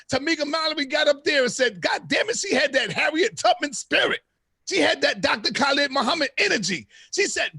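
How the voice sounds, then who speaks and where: A man hosting a live-stream debate, loud, profane and preaching. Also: very high-pitched, lively intonation, a little fast, vocal fry, no room sound, studio quality. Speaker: host.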